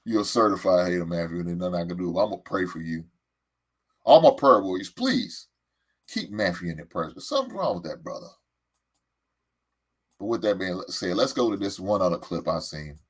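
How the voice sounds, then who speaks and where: Low-pitched male sports host, exasperated fan rant, stammers and repeats. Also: animated, a little fast, pauses often, slightly rough.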